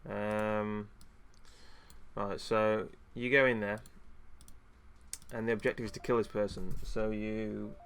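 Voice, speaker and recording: A man with a fairly low voice chatting casually on a stream. He rants in frustration, stumbling over fillers and restarting sentences. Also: little pitch movement, slow pace, gravelly, long pauses, fairly bright tone, slight background noise. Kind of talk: casual chat.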